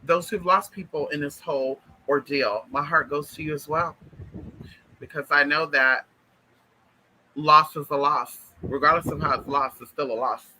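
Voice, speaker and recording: A man's voice: a little high, fairly even intonation, normal speed, bright, forceful tone, rough recording. A man talking straight to his viewers in a casual vlog monologue, emphatic and repetitive, calling them honey and y'all. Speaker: spiritual vlogger. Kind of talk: casual direct-to-camera monologue.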